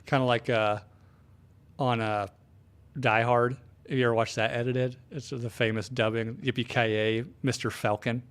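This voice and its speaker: A man's voice: mid-range voice, little pitch movement, moderate pace, fairly bright tone, smooth. A man co-hosting a podcast, telling loose, profane stories in casual chat. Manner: loose, profane, laughing storytelling. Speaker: podcast co-host.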